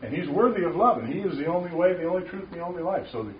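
A man giving a passionate, emphatic Christian talk to a small group of men, often rising to loud declarations. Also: high-pitched, expressive, very fast. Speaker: Christian speaker at a men's gathering. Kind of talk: informal preaching talk. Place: room with a small audience. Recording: distant, roomy, muffled with faint noise.

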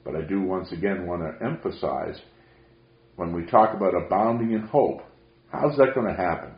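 A man preaching a sermon, telling stories emphatically and rising to loud peaks. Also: sits low, moderate pace. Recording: roomy, dull lo-fi sound.

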